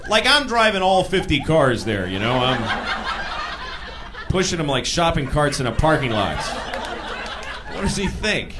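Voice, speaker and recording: A man doing a stand-up comedy routine on a club stage, animated and sometimes shouting. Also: fairly high pitch, measured pace, long pauses. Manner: animated, bursts into shouted impressions. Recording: live club with crowd laughter and noise. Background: audience laughing.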